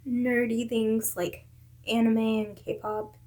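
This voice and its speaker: A woman's voice: a little high, little pitch movement, slow pace, mellow. A young woman from South Carolina, a vlogger talking to her camera, giving candid and earnest advice from her own life. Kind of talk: casual advice talk to camera.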